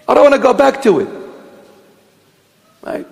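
A man's voice: very high-pitched, very animated, normal speed, vocal fry, long pauses, a little mellow, big-room sound. A man serving as a bishop, preaching a sermon in an emphatic, exhortative manner and repeating short commands.

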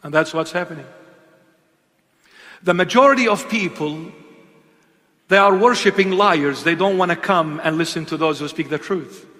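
A man preaching an impassioned sermon, swinging between loud emphatic calls and hushed, intimate asides. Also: a little high, moderate pace, pauses often, in a large hall.

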